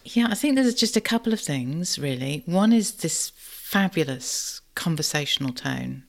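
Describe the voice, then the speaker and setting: Female podcast co-host, reflective and warm, conversational. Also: low voice, expressive, a little slow, creaky. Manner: thoughtful, warm, ends points with tag questions.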